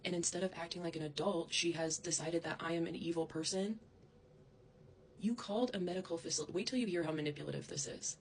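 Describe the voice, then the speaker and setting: Lower-voiced woman on a profane, heated rant. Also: quick pace, a little hiss or hum. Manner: heated, profane, accusatory, addresses someone directly. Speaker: vlogger. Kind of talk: angry direct-to-camera rant.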